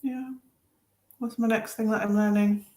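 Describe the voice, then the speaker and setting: A woman's voice: mid-range voice, steady tone, normal speed, darkish tone, roomy sound. A woman who reads tarot, introducing herself in a frank, matter-of-fact way. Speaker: tarot reader. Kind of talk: casual self-introduction.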